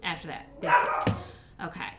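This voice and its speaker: A cooking streamer chats casually with her viewers while making food in her home kitchen, talking at a normal speed. The clip is very noisy, with pots, pans and dishes clattering around her.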